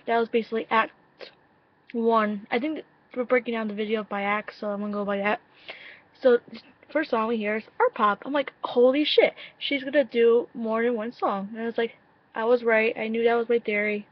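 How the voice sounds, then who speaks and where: Excitable young woman gushing, lo-fi webcam. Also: fairly high pitch. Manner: gushing, swears freely, quotes herself, laughs often. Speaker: vlogger reacting to a music video. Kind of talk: casual excited reaction vlog. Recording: dull lo-fi webcam sound, dry.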